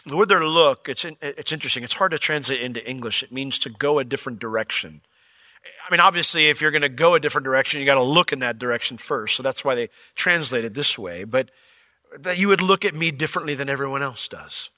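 Bright, lively-voiced pastor preaching. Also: male voice, mid-range voice, quick pace, no echo. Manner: animated, joking storyteller. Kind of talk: sermon.

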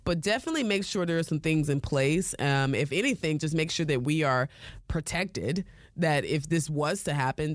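A woman's voice: deep voice, dry recording. Chatty woman, dry close sound. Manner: chatty, laughs often, frequent fillers. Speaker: podcast host. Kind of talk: casual solo talk.

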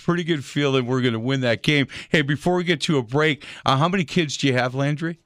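A man's voice: medium pitch, fast talker, no room sound, studio quality. An older man co-hosting a talk show, ribbing his guests playfully in joking banter. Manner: playful ribbing, animated storytelling. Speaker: co-host.

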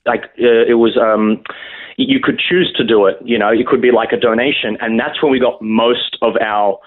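A man's voice: medium pitch, steady tone, moderate pace. A young man speaking as a guest over the phone, hesitant and full of restarts. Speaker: guest actor. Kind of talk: phone interview. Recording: tinny phone line.

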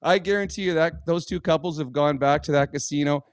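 A middle-aged man co-hosting a podcast, telling a story in a lively, animated way and loudly acting out the people he quotes. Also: a little high, fast, clean tone, no echo, clean studio sound. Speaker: podcast co-host, former hockey player. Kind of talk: casual storytelling chat.

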